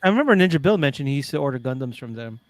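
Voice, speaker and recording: A man's voice: mid-range voice, very animated, racing, no room sound. A man co-hosting a casual group chat, laughing often and poking fun at himself. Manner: laughs a lot, self-deprecating. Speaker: podcast co-host.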